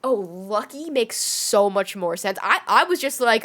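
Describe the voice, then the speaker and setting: A woman's voice: medium pitch, animated, a little slow, few pauses, fairly bright tone. A young adult woman streamer chatting casually with her audience and talking sweetly to her cat. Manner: chatty, talks baby-talk to her cat.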